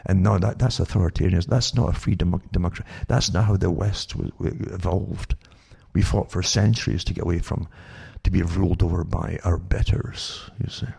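A man's voice: low-pitched, steady tone, brisk, vocal fry, few pauses, dark tone, husky. A man hosting a monologue talk show, rambling with many repeated words and stumbling restarts. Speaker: show host.

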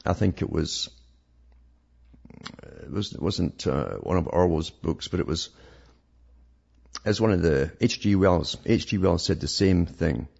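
A man's voice: sits low, a little slow, vocal fry, pauses often, a little mellow, breathy edge. A man giving a sarcastic, rambling monologue as a talk host, often restarting his sentences. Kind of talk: monologue reading news articles. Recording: dull lo-fi recording.

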